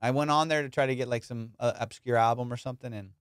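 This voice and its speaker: A man's voice: medium pitch, steady tone, quick pace, a little hiss or hum. A man hosting a comedy podcast in crude, slangy casual chat, often slipping into put-on voices. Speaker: podcast host.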